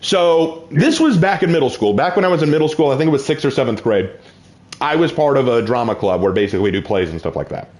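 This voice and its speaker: A young man casually telling personal stories while playing a game, with excited outbursts. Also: medium pitch, fast talker. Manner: lively, shifts from calm to excited outbursts. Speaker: gaming channel host.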